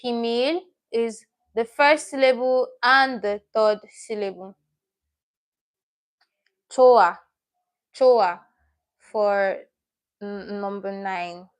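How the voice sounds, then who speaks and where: A woman's voice: medium pitch, extremely slow, pauses often. A woman teaching a live online language lesson, patient and repeating each word as she explains it step by step.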